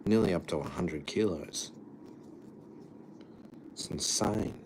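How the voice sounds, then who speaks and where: A man with a very deep voice drawls slowly through a laid-back, profane livestream chat with his viewers. A faint background hum sits under his talk. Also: a little mellow.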